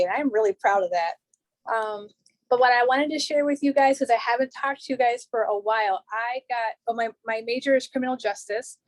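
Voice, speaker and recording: A woman's voice: on the high side, no echo, poor audio. A young woman student speaking on a video call, eager and chatty with frequent ums. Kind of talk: casual chat on a video call.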